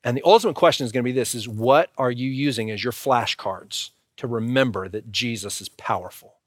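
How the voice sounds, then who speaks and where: A man's voice: mid-range voice, fairly quick, no room sound, studio quality. A man preaching a sermon in a conversational way and speaking directly to the congregation. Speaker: pastor.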